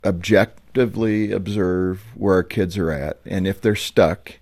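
A middle-aged man hosting a radio interview, speaking in a calm, measured way. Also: low voice, dry recording, clean studio sound. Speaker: radio show host.

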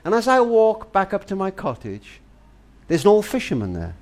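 A man's voice: high voice, huge pitch swings, moderate pace, darkish tone. An older man giving a tender, earnest, grandfatherly monologue, speaking as if to his granddaughter. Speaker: family charity speaker. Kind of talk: heartfelt spoken monologue to a granddaughter.

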